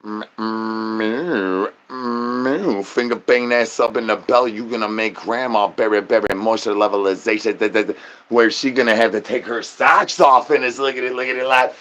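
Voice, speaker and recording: A man doing an absurd comic rant, rambling nonsense and doubling words in a sing-song way, with catchphrases he drags out into a slow chant. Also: mid-range voice, steady tone, fairly bright tone.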